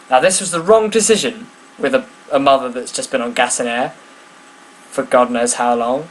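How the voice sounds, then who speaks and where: A man's voice: medium pitch, normal speed, slight background noise, rough recording. A young man chatting casually to camera, rambling and self-mocking with many ums. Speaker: vlogger. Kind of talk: casual vlog chat.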